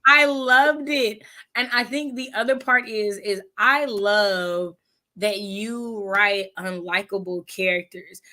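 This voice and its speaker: A woman hosting a casual book discussion, animated and laughing as she acts out her own reactions. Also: mid-range voice, slow. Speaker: readathon host. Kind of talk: casual video-call book chat.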